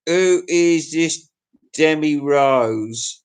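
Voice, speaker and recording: Pitched on the high side with lively intonation, a middle-aged man with an English accent talks unhurriedly to his livestream audience. His chat is rambling and crude, punctuated by his own chuckles.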